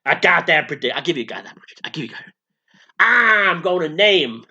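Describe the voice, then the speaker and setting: A flamboyant, foul-mouthed male spirit of a showman, put on by a man in a comic channeling sketch. The voice sits high and bright, sweeping wildly up and down as he brags and swears. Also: big pitch swings, quick pace, breathy edge, lo-fi sound, full character voice. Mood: boastful. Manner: profane, camp and boastful.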